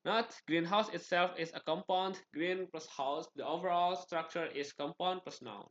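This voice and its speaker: Slightly high Indonesian-accented man reading slides. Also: normal speed, fairly bright tone, lo-fi sound. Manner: reads slide items in short clipped phrases, with restarts. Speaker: student presenter.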